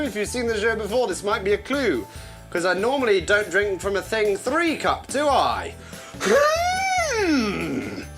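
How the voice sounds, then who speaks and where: A woman hosting a live online chat show, giggly and rambling as she talks to viewers and a guest. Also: mid-range voice.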